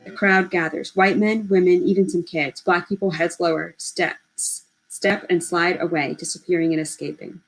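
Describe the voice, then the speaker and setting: A woman reads a novel aloud, measured and steady, in a lowish voice. Short lines land one after another in an even telling. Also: low-quality recording. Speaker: audiobook reader.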